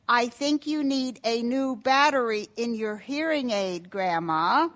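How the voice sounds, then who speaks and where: A woman's voice: medium pitch, expressive, fairly quick, bright, forceful tone. A woman voicing a good-natured young boy in a children's story, speaking plainly and kindly.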